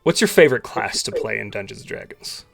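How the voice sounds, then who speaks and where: A man co-hosting a podcast interview, animated and quick to laugh. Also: fairly low pitch, vocal fry, faint music behind. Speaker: co-host. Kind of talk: casual interview chat.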